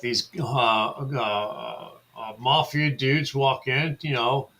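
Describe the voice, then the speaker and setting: Male talk-show storyteller, bright and forceful tone, meandering delivery with lots of uhs, occasional swearing. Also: mid-range voice, slow pace. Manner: rambling anecdote with many fillers and swearing. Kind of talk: casual chat.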